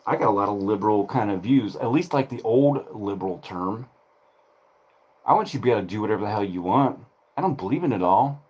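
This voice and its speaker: A man's voice: lowish voice, animated, brisk, darkish tone, slightly rough, muffled recording. A man ranting casually on his channel, rambling and profane. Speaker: streamer.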